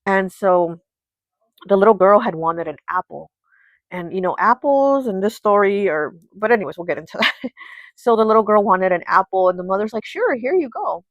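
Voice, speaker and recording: In a mid-range voice at a moderate pace, a woman who hosts a tarot channel chats her way through a folk tale, leaning heavily on fillers such as "like" and "you know." There's no room sound, and the audio comes across muffled.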